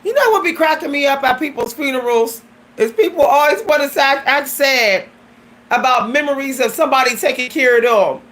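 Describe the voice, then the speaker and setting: A woman's voice: sits high, lively intonation, brisk, fairly bright tone. A woman vlogger giving a blunt, emphatic personal monologue that often turns preachy.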